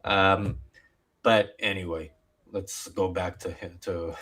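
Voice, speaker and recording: Male host, rambling stream commentary, halting delivery. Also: sits low, fairly even intonation, sharp tone. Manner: rambling, hesitant, filler-heavy.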